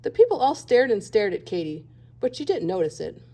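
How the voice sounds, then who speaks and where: A woman teacher reading a children's picture book aloud with gentle expression. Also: medium pitch, very animated, brisk. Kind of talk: children's storybook read-aloud.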